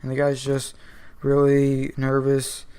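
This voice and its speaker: A man's voice: mid-range voice, completely flat delivery, slow pace, dark tone, smooth. A man reviewing comic books in a casual, rambling style full of fillers. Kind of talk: casual video commentary.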